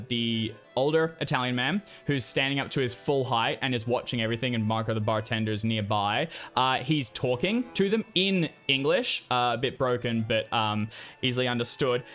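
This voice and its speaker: A man's voice: medium pitch, fairly bright tone. A man narrating a tabletop role-playing game as game master, in a loose, rambling way with many fillers.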